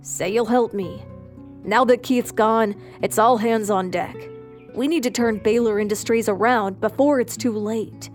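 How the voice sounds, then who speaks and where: A woman's voice: a little high, measured pace, soft background music, natural voice. A woman narrator voicing a stressed older businessman father, brusque and worried.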